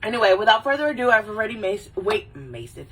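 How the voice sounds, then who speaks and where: Tipsy husky woman rambling casually. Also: medium pitch, sing-song, a bit bright, far from the mic, low-quality recording. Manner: rambling, swears a lot, does quick silly movie voices. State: a little drunk. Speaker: vlogger.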